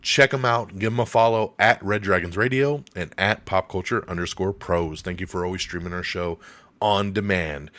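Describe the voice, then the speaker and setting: A man's voice: medium pitch, fairly bright tone, no room sound. A man hosting a casual entertainment news podcast in a chatty, upbeat way, his voice getting scratchy. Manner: chatty, upbeat sign-off, many fillers. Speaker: podcast host.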